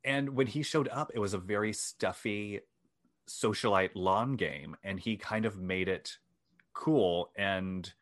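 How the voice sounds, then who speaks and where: A man's voice: lowish voice, measured pace, fairly bright tone. A man hosting a chat show, telling a story in a wry, self-deprecating way and sometimes reading from his notes. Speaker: podcast host.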